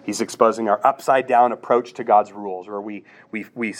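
A man's voice: fairly low pitch, fairly even intonation, brisk. A man preaching a sermon, earnest, asking rhetorical questions and repeating himself as he presses a point.

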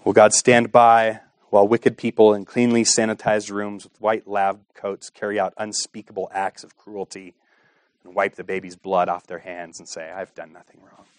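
A man's voice: on the low side, flat delivery, normal speed, no room sound. Impassioned preaching man, dry sound. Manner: impassioned preaching with rhetorical questions, swinging between hushed and raised. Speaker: pastor. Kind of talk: sermon.

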